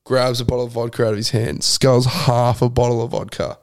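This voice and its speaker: A man co-hosts a casual podcast chat. He tells a long, rambling story packed with swearing and fillers. His voice sits at an ordinary middle pitch. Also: little pitch movement, brisk, a little mellow. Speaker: podcast co-host.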